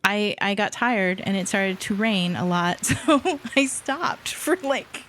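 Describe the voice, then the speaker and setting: A woman's voice: medium pitch, expressive, takes it slowly, fairly bright tone, a little hiss or hum. A woman from Hawaii co-hosting a podcast in casual chat, laughing often as she talks. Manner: giggly, laughs often while talking. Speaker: podcast co-host.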